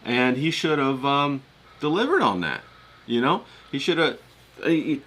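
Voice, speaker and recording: A man's voice: medium pitch, lively intonation, measured pace, a bit bright. A man talking casually in a vlog, rambling with lots of fillers and folksy turns of phrase. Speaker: vlogger.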